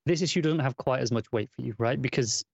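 Male co-host, rapid talker, lo-fi audio. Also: mid-range voice, gravelly, breathy edge, no echo. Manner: quick, reasoning, asks for agreement. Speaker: podcast co-host. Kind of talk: casual comic book discussion.

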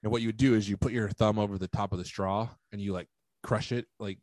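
Joking low-voiced podcast guy. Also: steady tone, fast, a little mellow, no room sound. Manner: joking, emphatic storyteller. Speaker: podcast co-host. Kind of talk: casual chat.

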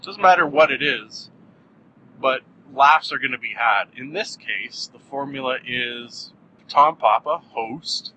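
A man's voice: medium pitch, a little hiss or hum, low-quality recording. Goofy rambling male podcast host. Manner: goofy, rambling, self-mocking with sudden loud outbursts. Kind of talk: casual solo podcast monologue.

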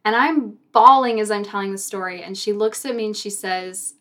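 A young woman recounts a story in a relaxed conversation, animated and often laughing between phrases. Her voice sits in a middle pitch, neither high nor low. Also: moderate pace, hardly any pauses. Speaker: guest telling a story. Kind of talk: casual storytelling on a podcast.

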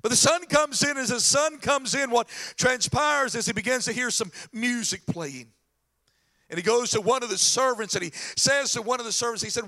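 A man preaching a sermon as pastor, animated and telling stories with acted voices. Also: very high voice, moderate pace.

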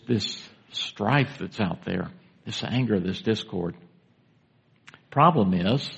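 A man's voice: mid-range voice, creaky, slightly rough, muffled recording. A man preaching a sermon to a congregation in a church, in a conversational way, putting questions to the listeners. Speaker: pastor.

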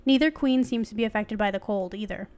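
A woman's voice: medium pitch, brisk, a little mellow. A young woman co-hosting a casual podcast, reading an article aloud and breaking off for jokes and laughs. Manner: reads an article aloud with joking asides and frequent laughs. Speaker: podcast co-host.

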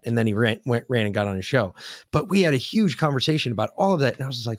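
Grieving man, halting and profane. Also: mid-range voice, no echo, clean studio sound. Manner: halting, profane, emotional speech with many restarts. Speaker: podcast co-host. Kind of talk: casual podcast talk.

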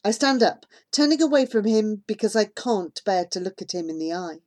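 Woman, audiobook narrator, first-person children's novel, calm, measured, mid pitch.

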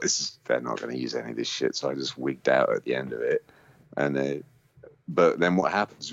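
A very deep-voiced man tells a loose, sweary anecdote and laughs as he goes. The recording is dry and close, with a dull, lo-fi tone. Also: no echo. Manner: swears freely, laughs often, acts out others' voices in high tones. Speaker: musician guest. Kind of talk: casual storytelling. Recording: dull lo-fi sound.

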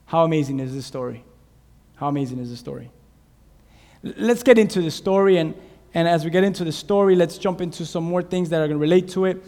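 A man preaching a sermon as pastor to a church congregation on a clip-on mic, animated and dramatic, often quizzing the listeners. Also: fairly high pitch, fast. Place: church sanctuary. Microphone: clip-on lapel mic. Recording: reverberant church hall.

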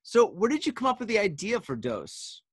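Tipsy man, rambling swearing storyteller, slightly high voice, dry sound. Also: huge pitch swings, moderate pace, husky, no echo. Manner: profane, rambling storyteller, says dude and man a lot. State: tipsy from wine. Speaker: podcast host. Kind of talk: casual chat.

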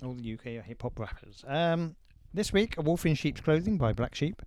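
Man, podcast co-host, casual banter, deadpan jokes, dry close sound. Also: a little high, normal speed, dry recording. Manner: joking, teasing, deadpan asides.

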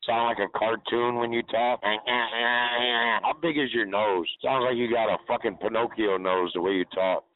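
A man's voice: mid-range voice, steady tone, moderate pace. A man calling into a party line, mocking and needling another caller. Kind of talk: heated party-line argument. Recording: phone line with loud crowd behind.

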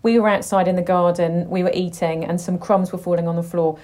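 A middle-aged woman chatting as a podcast guest, an animated storyteller. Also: fairly low pitch, a little fast. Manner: chatty, animated storyteller, acts out her dogs' voices. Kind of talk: casual chat.

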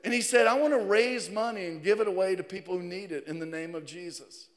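High-voiced fervent preacher man. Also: quick pace. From Virginia, USA. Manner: fervent preaching, swinging from hushed to loud. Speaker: pastor. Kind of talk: sermon. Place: church sanctuary. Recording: hall reverb.

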